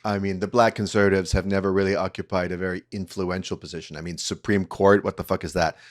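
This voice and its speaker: A man co-hosting a comedy podcast, dropping deadpan wisecracks in casual chat. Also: low-pitched, quick pace, no echo, clean studio sound. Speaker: podcast co-host.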